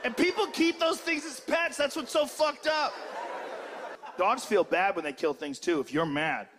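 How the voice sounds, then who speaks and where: A man doing a stand-up comedy routine, profane and animated, often shouting. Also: extremely high pitch, normal speed, background noise. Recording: loud music and crowd laughter. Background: crowd laughter, music.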